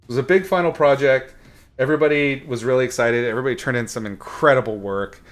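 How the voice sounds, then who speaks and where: Talking fast in a mid-range voice, a man streaming a painting session spins a rambling, offhand story while working. Fillers pile up, and he swears bluntly here and there.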